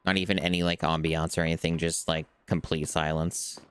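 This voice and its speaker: A man's voice: rumbling low, level tone, a little fast, clean tone. A man streaming a playthrough of a game, talking casually in a dry, self-deprecating way and swearing often. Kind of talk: casual gameplay commentary.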